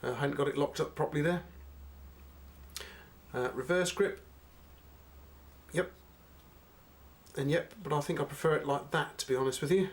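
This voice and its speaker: A man's voice: fairly high pitch, moderate pace, pauses often. A middle-aged man, chatting unhurriedly to viewers as he reviews a knife. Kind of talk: casual product review.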